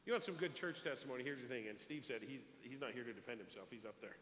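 A man preaching a sermon, telling a story in an animated way and repeating words as he goes. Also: mid-range voice, fast. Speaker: pastor. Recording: echoey hall, long reverb, faint hiss.

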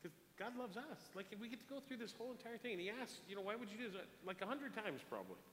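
A man preaching a sermon as a pastor, passionate, swinging from hushed asides to loud appeals. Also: sits high, sing-song, fast talker, slight background noise. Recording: echoey hall with long reverb.

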